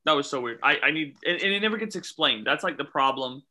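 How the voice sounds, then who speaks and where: Bright-voiced man reviewing a movie. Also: on the high side, fast talker. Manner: animated, incredulous questioning. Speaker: podcast co-host. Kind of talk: casual movie review chat.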